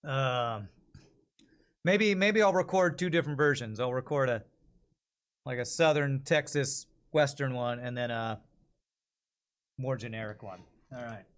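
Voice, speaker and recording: A man chatting casually on a live stream as he works on voice-over recordings, thinking out loud and asking viewers for feedback. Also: medium pitch, expressive, a little slow, long pauses.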